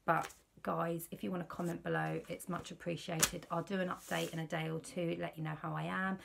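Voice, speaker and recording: A woman's voice: on the low side, level tone, fairly quick, vocal fry, noisy background. A British woman in her thirties vlogging at home, talking in a worried, rambling, confiding way. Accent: British English. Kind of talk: candid personal vlog.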